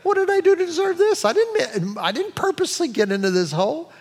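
A man's voice: very animated, a little fast, heavily acted. A man voicing a bewildered, indignant mule stuck in a pit, squealing its complaints in a church hall with a long reverb. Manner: squealing high outrage.

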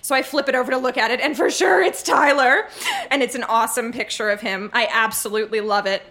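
A woman's voice: fairly high pitch, quick pace, bright, forceful tone. A woman reading her teenage diary aloud on stage to a live audience, with a dramatic, gushing delivery and comic timing. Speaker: live show reader. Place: stage before a laughing audience.

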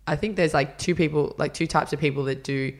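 A man's voice: a little high, steady tone, fairly quick. A man, a podcast guest, chatting casually and telling stories, acting out quotes with lots of fillers. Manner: chatty storyteller, acts out quotes, many fillers. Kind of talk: casual interview chat.

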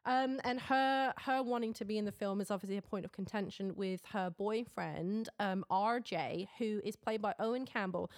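A woman's voice: mid-range voice, normal speed, hardly any pauses, dry recording, clean studio sound. An Englishwoman co-hosting a podcast, chatting casually about a film, swearing freely and laughing often. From England. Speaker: podcast co-host. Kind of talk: casual film review chat.

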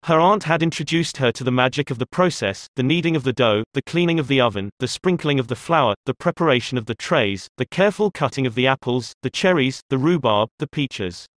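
In a clean, dry studio recording, a man narrates an audiobook. His mid-range voice moves through the story in a measured, expressive way.

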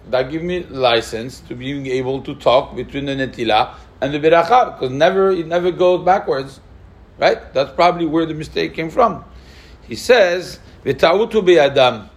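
A man teaching a class on Jewish law, asking lively questions and mixing Hebrew terms into his English. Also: on the high side. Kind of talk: spoken Jewish law lesson.

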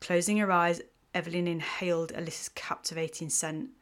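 A woman's voice: lowish voice, flat delivery, fairly quick. Woman narrating a romance story.

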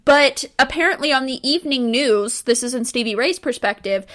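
A woman's voice: sits high, a bit bright. A woman co-hosting a casual book podcast, blunt, profane and sarcastic. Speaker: podcast co-host.

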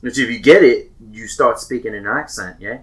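A man's voice: mid-range voice, brisk, background noise. A man chatting casually with friends, joking and laughing often. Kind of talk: casual chat.

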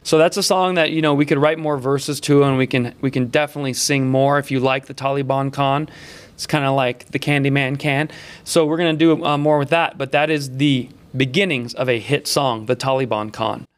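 A man's voice: mid-range voice, steady tone. A man hosting a comedic political talk show, with sarcastic, mocking riffs. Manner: sarcastic, mocking, riffs quickly between topics.

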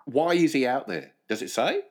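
A man co-hosting a comedic podcast, reacting quickly with playful teasing. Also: medium pitch, sing-song. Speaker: podcast co-host. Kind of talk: comedic casual chat.

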